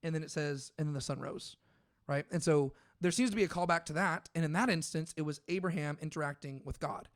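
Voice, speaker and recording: A man's voice: a little high, a little fast, dry recording, clean studio sound. A man co-hosting a casual Bible discussion, thinking aloud with plenty of fillers and restarts. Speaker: podcast co-host.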